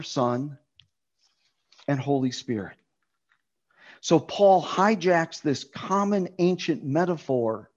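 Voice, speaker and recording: A man's voice: fairly high pitch, darkish tone, highs cut off. A man preaching a sermon on a Bible passage, emphatic, repeating key words for stress.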